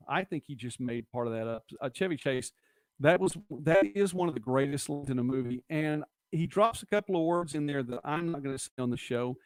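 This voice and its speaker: A man's voice: a little high, no room sound. Chatty middle-aged man, dry close mic. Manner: chatty, rambling, quotes movie lines. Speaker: host of a local live-stream show. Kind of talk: casual live-stream chat reading viewer comments.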